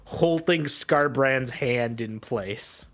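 A man runs a tabletop game, narrating in a slow, rambling way with many fillers. His voice sits at a mid pitch. Faint music plays underneath. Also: a bit bright. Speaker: game master.

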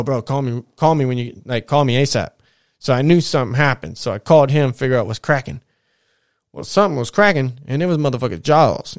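A man tells a rambling, profane story in a loose, laid-back way. His voice is smooth and resonant, close and dry with no room sound. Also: mid-range voice, dry recording. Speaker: podcast storyteller. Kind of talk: casual storytelling.

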